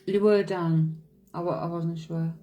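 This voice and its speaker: A woman's voice: on the low side, steady tone, measured pace, mellow, faint music behind, low-quality recording. A woman, a psychic medium, chatting casually on a live stream, reading out viewers' comments, answering them and laughing often.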